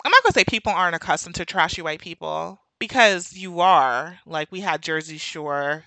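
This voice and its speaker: A podcast host with a New York accent, talking in a chatty, animated monologue that wanders off on tangents. Her voice sits on the low side for a woman but comes across forceful and bright. The recording is dry and close to the mic. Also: normal speed, no echo. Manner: animated, chatty, goes on tangents, laughs often. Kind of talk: casual opinion monologue.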